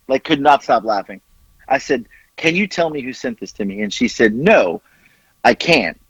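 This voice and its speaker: A man's voice: a little high, fairly bright tone, slightly rough, no room sound. A man hosting a podcast, telling a story with lots of swearing and acting out both sides of a phone call. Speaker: podcast host.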